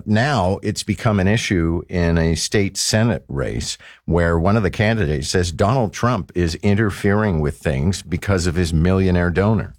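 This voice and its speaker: Talk radio host, male, very deep voice, dry close mic, wry and conversational. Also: no echo.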